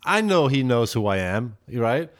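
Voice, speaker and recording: A man from Belgium, a musician guest on a podcast, telling stories in an animated, profane, casual way. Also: mid-range voice, measured pace. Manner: animated, profane, heated when retelling. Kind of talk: casual storytelling chat.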